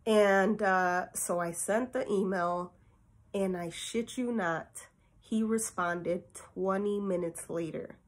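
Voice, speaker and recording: A woman's voice: mid-range voice, takes it slowly. Chatty woman telling a personal story. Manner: candid, chatty, emotional, swings between soft and excited. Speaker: vlogger.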